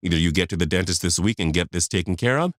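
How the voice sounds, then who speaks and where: A furious, fed-up wife in her fifties lashes out in sharp, scolding bursts, as a deep-voiced male reader puts her on. The lines swing up and down with anger. It sounds dry and close, with soft music behind. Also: very animated, a little fast, dry recording. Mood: angry.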